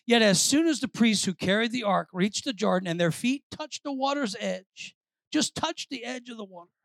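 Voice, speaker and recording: A woman pastor preaching a sermon, moving between quiet asides and shouted, repeated phrases for emphasis. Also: fairly high pitch, lively intonation, moderate pace, no echo.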